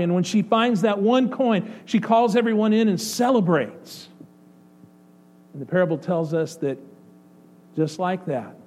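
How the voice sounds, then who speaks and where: A male pastor preaching a sermon, swinging between excited outbursts and soft, hushed passages. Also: high voice. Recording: faint mains hum. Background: faint electrical hum.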